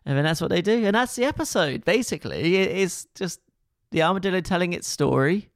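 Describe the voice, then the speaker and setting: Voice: medium pitch, expressive, a little fast, no room sound, studio quality. A co-host on a casual podcast, summarising a children's episode with enthusiasm. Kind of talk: casual chat reviewing a kids' show.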